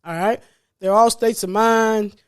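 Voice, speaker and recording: A man with a notably high voice gives a solo podcast talk as a life coach. He speaks in an earnest, preachy way, circling back to repeat his key phrases. Light laughs slip out between his points. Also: fairly even intonation, unhurried, clean tone. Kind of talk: solo motivational podcast monologue.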